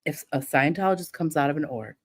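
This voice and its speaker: A middle-aged woman ranting through a livestream, swearing freely and defiant. Now and then she mocks her critics in sneering imitations. Her voice sits slightly low for a woman. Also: expressive, fast. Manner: profane, defiant, mocking imitations. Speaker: livestream host. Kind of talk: heated livestream rant.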